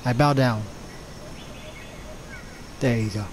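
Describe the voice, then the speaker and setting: A man giving jokey, excitable commentary while playing an online game, yelping and shouting at other players. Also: mid-range voice, takes it slowly, a little hiss or hum. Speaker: gamer. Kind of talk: gameplay commentary.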